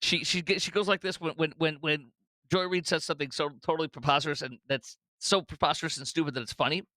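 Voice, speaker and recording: A man's voice: a little high, fairly even intonation, quick pace, pushed and bright, dry recording. A middle-aged man hosting a political commentary show, talking effusively and emotionally, often restarting and repeating words. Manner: effusive, emotional, breaks into laughter. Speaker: podcast host.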